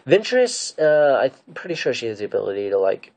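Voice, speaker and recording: With a medium-pitched, sing-song voice that's a little mellow, a man recaps a show's episodes fairly quickly as a fan reviewer. He gives opinions casually, rambling and hesitating, with many fillers and restarts.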